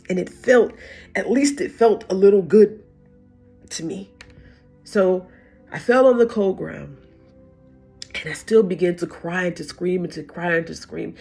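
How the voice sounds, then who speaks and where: Middle-aged woman, breathy husky voice, halting personal testimony over faint music. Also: mid-range voice. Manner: halting, repeats words, restarts sentences. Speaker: vlogger sharing a personal story.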